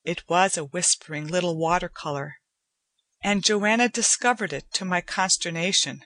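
A woman narrating a short story as an audiobook reader, in an even, unhurried way. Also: on the low side, no room sound.

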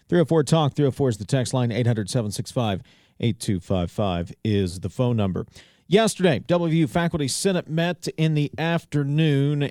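A man's voice: mid-range voice, darkish tone, dry recording. A man hosting a local talk radio show, reading headlines and commenting in a conversational way with wry asides. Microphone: studio microphone. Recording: dry studio sound.

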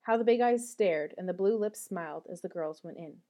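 A woman narrating a classic novel in a measured, expressive audiobook reading. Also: on the low side.

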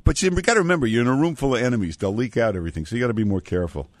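A man's voice: mid-range voice, very fast, no echo, clean studio sound. A male radio talk show host taking calls, blunt and opinionated, wandering into asides. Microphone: studio microphone.

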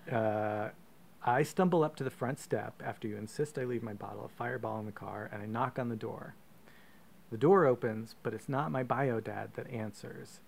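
A man co-hosting a podcast, reading a profane, comic choose-your-own-adventure story aloud with deadpan asides. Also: medium pitch, moderate pace, vocal fry. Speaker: podcast co-host.

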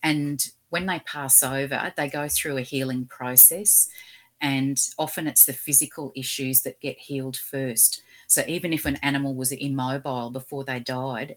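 A woman, an animal communicator, telling gentle, earnest stories in an interview and acting out the quotes. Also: very deep voice. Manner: gentle, earnest storyteller who acts out quotes. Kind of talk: storytelling interview chat.

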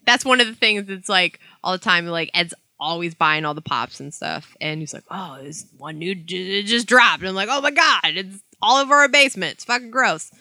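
A young adult woman in casual chat, cursing freely and telling animated stories. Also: medium pitch, normal speed, hardly any pauses, no room sound. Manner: profane, animated storytelling.

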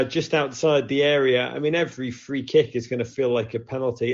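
A man hosting a lively football chat show with callers, joking and swinging from loud to hushed. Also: medium pitch, gravelly. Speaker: host. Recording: dull lo-fi sound.

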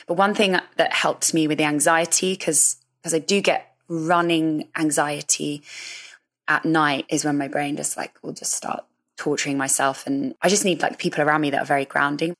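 Guest: woman, low voice, open and self-deprecating, quick to laugh. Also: fairly even intonation, a bit bright. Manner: chatty, candid, self-deprecating, laughs often. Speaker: musician guest. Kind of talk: candid interview chat.

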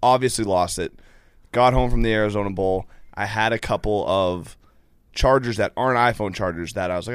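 Lower-voiced young man, rambling and defensive. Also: fairly quick, clean tone, no echo, studio quality. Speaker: podcast regular. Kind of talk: casual chat.

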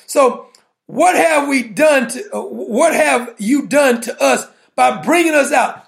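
A man's voice: extremely high pitch, creaky. A man preaching a sermon in a colloquial, playful way, firing rhetorical questions and laughing with the congregation.

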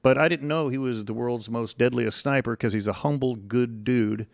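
A middle-aged man speaks as a guest on an interview show, drifting from one long anecdote into the next. His voice sits at an ordinary pitch for a man. The sound is dry, close and free of room echo. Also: normal speed, vocal fry. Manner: relaxed, rambling anecdotes with quoted voices. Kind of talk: casual interview storytelling.

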